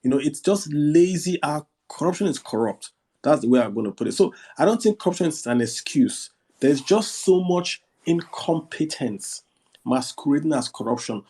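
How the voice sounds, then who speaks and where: Husky nigerian guy hosting a chat, blunt, keeps firing rhetorical questions. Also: fairly high pitch, lively intonation, moderate pace, mellow. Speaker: host. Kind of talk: casual live audio discussion.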